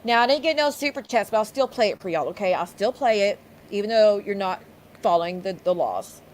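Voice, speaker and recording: A woman's voice: mid-range voice, expressive, fairly quick, a little hiss or hum. A woman hosting a livestream, ranting angrily with heavy profanity and sarcastic mockery. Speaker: streamer host. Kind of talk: livestream rant.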